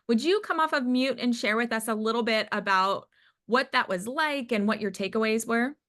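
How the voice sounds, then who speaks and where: A woman's voice: a little high, normal speed, fairly bright tone. A woman leading a team video call in an upbeat, encouraging way.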